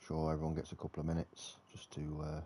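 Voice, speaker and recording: A man commentating live on a racing league in a relaxed, chatty way, thinking aloud between updates. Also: very deep voice, quick pace, slight background noise.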